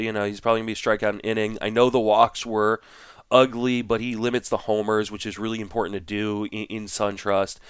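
A young man co-hosting a casual baseball podcast, thinking aloud in a relaxed way with fillers; French was his first language. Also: fairly low pitch, clean tone, no echo, studio quality. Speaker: podcast co-host.

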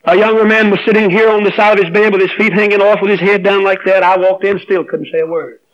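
Male preacher, high-pitched, moves from emotional storytelling to fervent exhortation; dull lo-fi recording. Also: fairly even intonation, quick pace. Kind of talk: sermon.

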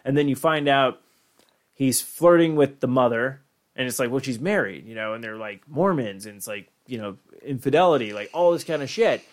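A man's voice: mid-range voice, lively intonation, normal speed. A young man co-hosting a podcast in casual chat, rambling with lots of fillers and swearing. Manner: rambling, profane, full of "like" fillers. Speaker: podcast co-host.

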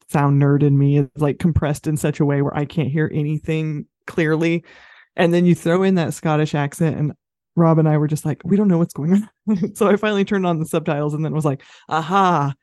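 A woman's voice: sits low, dark tone, no echo, studio quality. A woman co-hosting a podcast, talking about a film in a chatty, easygoing way. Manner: chatty, easygoing, laughs often. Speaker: podcast co-host. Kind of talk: casual film review chat.

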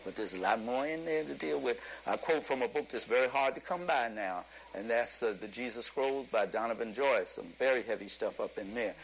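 A man giving an impassioned lecture to an audience, preacherly and emphatic, rising at times to a shout and chuckling through his points. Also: medium pitch, a little fast, vocal fry, few pauses, a little hiss or hum, rough recording.

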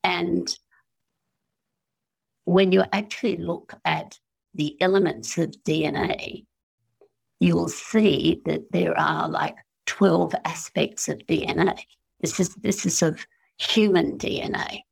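Slow gravelly Australian woman. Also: lowish voice, fairly even intonation. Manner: slow, musing storyteller acting out quoted voices. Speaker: interview guest. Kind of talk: spiritual interview chat.

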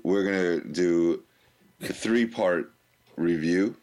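An American man co-hosting a podcast, teasing and relaxed in casual banter. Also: sits low, slow. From United States. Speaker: podcast co-host.

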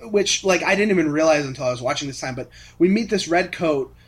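A man co-hosting a casual fan podcast, animated, laughing often as he retells scenes. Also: a little high, fast talker, slightly rough. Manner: animated, laughs often, acts out characters' lines. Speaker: podcast co-host.

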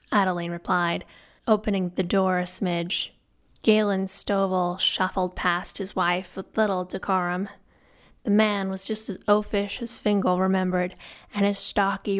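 Woman audiobook narrator, slow measured read, mid-range voice. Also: mid-range voice. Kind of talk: scripted narration.

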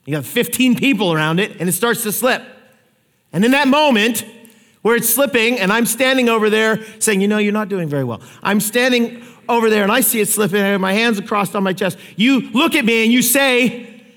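A man preaching a sermon, telling stories with lively acted-out quotes. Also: high voice, fairly quick, long reverb tail. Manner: animated storytelling, acts out quotes. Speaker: pastor.

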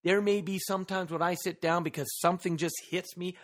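A man's voice: high-pitched, fairly even intonation, brisk, fairly bright tone. A man hosting a solo motivational podcast who talks earnestly into a microphone, leans hard on key words and asks the listener rhetorical questions. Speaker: podcast host.

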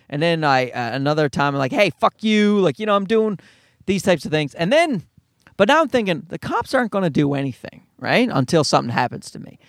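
Animated, high-voiced man telling a story. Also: dry recording, clean studio sound. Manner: animated, profane, acts out quoted voices. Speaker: comedian. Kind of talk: storytelling stand-up.

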